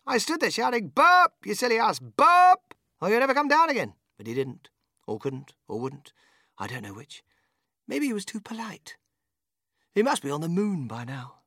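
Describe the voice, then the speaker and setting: An actor playing a manic, whimsical man who runs a candy factory, swinging from shouting to whispering. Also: on the high side, huge pitch swings, normal speed, pauses often, breathy edge, no echo, clean studio sound, voice pushed up, heavily acted. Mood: excited. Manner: bursts of shouting and sudden whispers.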